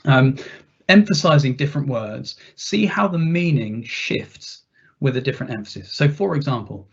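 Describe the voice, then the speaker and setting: A man at a mid pitch leads a workplace training webinar, chatty and full of rhetorical questions. His voice is slightly husky, and the webinar audio comes through dull and muffled. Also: lively intonation, moderate pace. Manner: conversational, with frequent restarts and rhetorical questions. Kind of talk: webinar workshop presentation.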